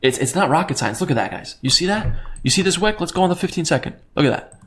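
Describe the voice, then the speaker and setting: A young man teaching crypto trading over a screen share, excitable and repetitive, often checking in with "right?" and jumping up in pitch on his key points. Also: fast, slight background noise. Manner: pitch jumps up on emphatic points. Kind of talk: screen-share chart walkthrough.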